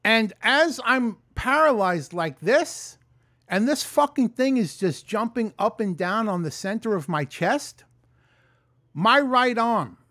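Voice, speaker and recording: Man, animated and swearing a lot, talking straight into a close mic, dry sound. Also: high voice, slow, dry recording. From New York. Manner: profane, animated storytelling. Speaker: vlogger. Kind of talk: casual storytelling vlog. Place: room at home. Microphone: close mic in front.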